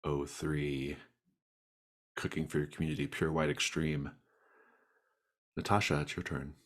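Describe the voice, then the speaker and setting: A man running a tabletop role-playing game as game master, casual and halting. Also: a bass voice, flat delivery, a bit bright.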